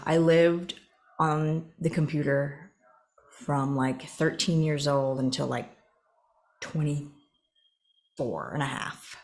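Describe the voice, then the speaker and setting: Low-voiced woman reading novel excerpts. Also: creaky. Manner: chatty, laughs at herself, breaks off to comment. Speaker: book reader and channel host. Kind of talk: reading novel openings aloud with casual asides.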